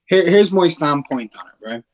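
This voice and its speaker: A man from Ireland, giving blunt, relaxed boxing opinions as a guest. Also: on the high side, moderate pace, lo-fi sound. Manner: relaxed, blunt, swears casually. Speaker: guest commentator. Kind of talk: casual boxing chat.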